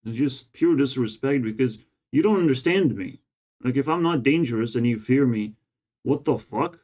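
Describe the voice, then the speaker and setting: A man's voice: mid-range voice, expressive, normal speed, a little mellow. A tired, run-down man talking to camera in a casual, rambling monologue, venting his frustration with frequent swearing. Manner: frustrated, profane ranting. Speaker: vlogger.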